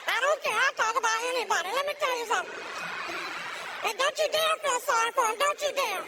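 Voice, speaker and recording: A stand-up comedian telling a story loudly and animatedly, laughing often, in a distant, noisy recording. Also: extremely high pitch, fast talker, crowd noise.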